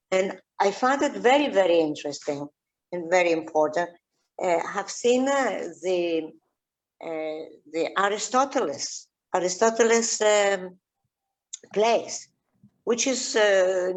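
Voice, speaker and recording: A Greek woman with a Greek accent, an archaeologist chatting in an interview, halting with many fillers and restarts. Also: on the low side, rough recording. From Greece. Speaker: archaeologist guest. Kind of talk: casual interview chat.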